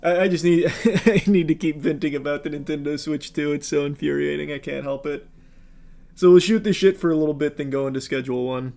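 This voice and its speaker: A man's voice: on the high side, a little fast, vocal fry. A young adult man streaming, ranting casually with lots of swearing and frequent laughter. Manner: animated, profane, laughing often. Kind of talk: casual livestream rant.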